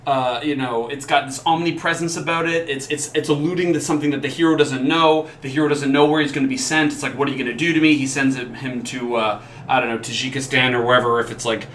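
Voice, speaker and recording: A man's voice: mid-range voice, fairly even intonation, quick pace, fairly bright tone, reverberant, slight background noise. A man co-hosting a casual podcast, talking enthusiastically and rambling between points. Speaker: podcast co-host. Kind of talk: casual chat.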